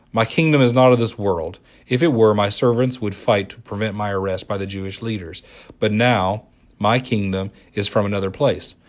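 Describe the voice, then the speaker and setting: A man with a somewhat low voice preaches a sermon. He reads scripture aloud and explains it in a relaxed, conversational way, often restarting his sentences. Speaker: pastor. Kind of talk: sermon teaching.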